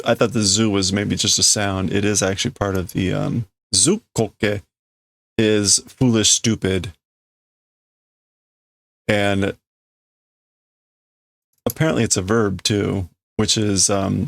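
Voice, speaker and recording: A man's voice: lowish voice, fairly even intonation, a little slow, creaky, long pauses, a bit bright, no room sound. A man casually reading and translating aloud, thinking over word meanings as he goes. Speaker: streamer reading manga aloud.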